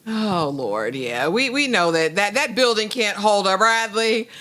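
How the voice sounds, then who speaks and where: A woman co-hosting a casual TV review chat, talking in a sassy, playful way with quick asides. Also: medium pitch, expressive, sharp tone. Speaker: co-host.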